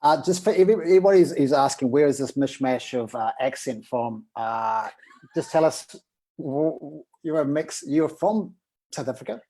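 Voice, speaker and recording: A man from New Zealand with a New Zealand accent, hosting a casual interview in a relaxed, easygoing way. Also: fairly high pitch, normal speed. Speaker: interview host.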